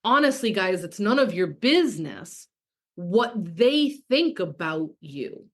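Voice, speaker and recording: A woman's voice: medium pitch, big pitch swings, slow pace. A woman in her thirties, a business coach talking casually and frankly with frequent swearing, reading out and answering chat comments. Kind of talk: coaching call.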